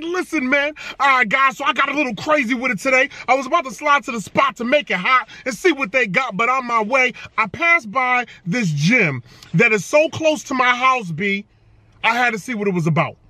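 An energetic man talking casually in a vlog, playful and full of slang. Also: very high voice, dry recording. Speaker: vlogger. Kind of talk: casual hype vlog talk.

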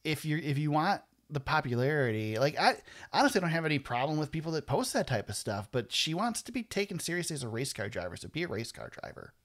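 Rambling, opinionated podcast host. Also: male voice, on the high side, very animated, quick pace, a bit bright. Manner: opinionated, rambling, laughs often. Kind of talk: casual chat.

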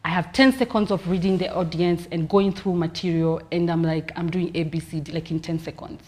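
A young Kenyan woman, a comedian, telling stories in a casual interview with a lively, laughing manner. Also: on the low side, brisk. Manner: lively storytelling, laughing often. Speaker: comedian guest.

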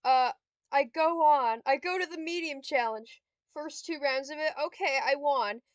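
Swearing and throwing irritated insults at a computer opponent, a young woman gamer vlogger comments casually on her gameplay. She speaks in a high-sitting voice at a moderate pace, and there's no room sound.

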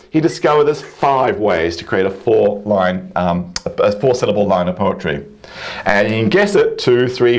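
A man teaching a math lesson at a whiteboard, enthusiastic and quick to exclaim over the beauty of the ideas. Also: medium pitch.

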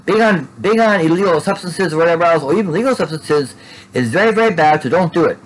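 A man's voice: a little high, expressive, fast, a little hiss or hum, poor audio. Rambling man unboxing collectibles. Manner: rambling, repeats "there" and restarts often. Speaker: Funko collector vlogger. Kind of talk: casual unboxing narration.

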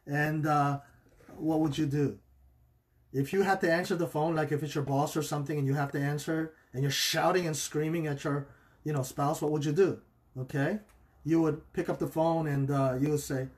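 A male pastor speaking in a fairly high voice, relaxed and conversational. He keeps checking in with his listeners with a quick "okay?" and slips into animated voices when he quotes people's excuses. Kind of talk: livestreamed marriage teaching.

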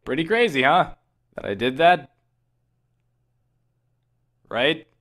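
A man's voice: fairly high pitch, very animated, slow, fairly bright tone. A man doing crude, sardonic comedy parody voice acting.

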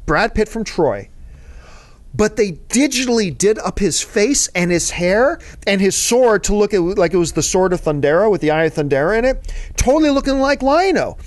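Answering viewer mail, this show host leads a relaxed movie chat, rambling like an eager fan and wandering into asides. His voice sits high and is very animated at normal speed. There is no room sound.

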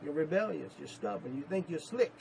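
A male pastor preaching a sermon, emphatic, repeating himself and rising to sudden loud peaks. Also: on the high side, animated, fairly quick, creaky, slight background noise, low-quality recording.

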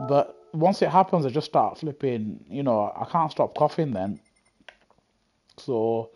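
A man's voice: on the high side, very animated, normal speed, darkish tone. A man streaming live racing gameplay on a headset from his home setup, chatting casually and saying "man" a lot while fighting a dry throat and coughing fits. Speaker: gaming streamer. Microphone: gaming headset. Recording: faint game noise behind.

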